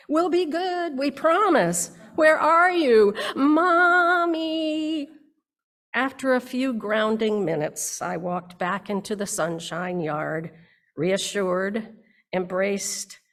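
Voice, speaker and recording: An older woman minister giving a reflective sermon in a slow, measured way, with dramatic readings. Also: medium pitch, vocal fry. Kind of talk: reflective sermon with read poetry.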